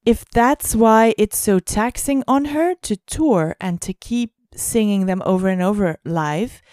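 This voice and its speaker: A woman co-hosting a podcast, musing aloud with frequent pauses and restarts. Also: medium pitch, darkish tone, no echo, studio quality. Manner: hesitant, many fillers and restarts, musing. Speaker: podcast co-host. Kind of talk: casual podcast chat.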